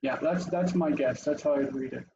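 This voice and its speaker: Man, online teacher, gravelly mellow voice, lively intonation, slightly dull call audio. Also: fairly high pitch, normal speed, background noise. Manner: animated, asks students in turn, thinks aloud. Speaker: teacher leading an online class. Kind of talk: interactive online language lesson.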